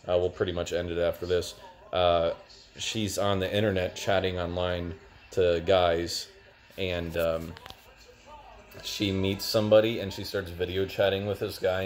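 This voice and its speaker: A young man with a deep, low voice talks through a TV review in a loose, rambling way. He keeps reaching for "like" and "uh" as he goes. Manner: rambling, lots of "like" and "uh". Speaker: TV show reviewer. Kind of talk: casual spoken review.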